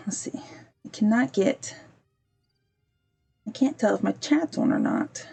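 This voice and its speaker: A woman's voice: mid-range voice, expressive, slow, creaky, darkish tone, slightly rough, faint music behind. A woman hosting a podcast, telling a story casually while she plays a game on a livestream. She wanders off-topic to fix her stream and briefly acts out the people she quotes. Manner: chatty, digressive, breaks off to fix her stream. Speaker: podcast host.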